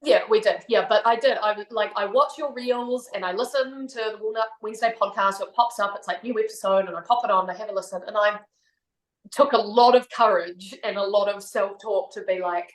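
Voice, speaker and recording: NZ woman, 30s, podcast guest; frank, thoughtful, quick to laugh; middle voice, reverberant room. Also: medium pitch. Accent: New Zealand. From New Zealand. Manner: candid and reflective, laughs often. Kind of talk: casual chat. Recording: roomy echo.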